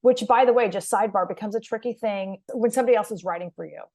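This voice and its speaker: A woman's voice: mid-range voice, fast talker, darkish tone. Woman podcast host coaching on communication. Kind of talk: conversational interview.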